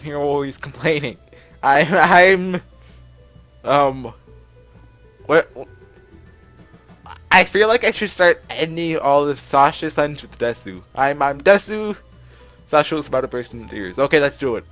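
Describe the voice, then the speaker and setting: A man's voice: on the high side, animated, measured pace, pauses often, a bit bright, faint music behind. A young man reading a visual novel aloud and commenting on it, rambling, with lots of filler words and laughs. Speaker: let's play narrator.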